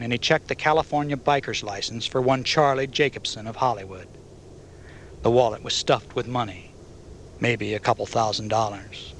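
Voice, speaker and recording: A man narrating an audiobook novel in a measured, even storytelling manner. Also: mid-range voice, a little hiss or hum.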